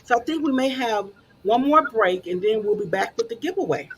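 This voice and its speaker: A woman hosts a casual talk show in a high, light voice. She talks in an encouraging, conversational way, often pausing on little fillers. A faint hiss sits behind her. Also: lively intonation.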